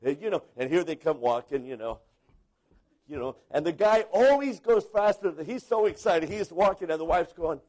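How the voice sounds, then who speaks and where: A man's voice: a little high, expressive, moderate pace, darkish tone. A man preaching a sermon to a congregation, rambling and repeating words, with comic asides where he imitates people. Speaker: pastor.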